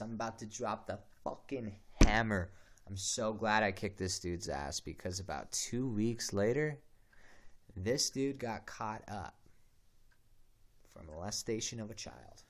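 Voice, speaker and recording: Young male streamer, low voice, casual and profane, animated storyteller. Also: a little slow. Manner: profane, animated, acts out quotes. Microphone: home streaming mic.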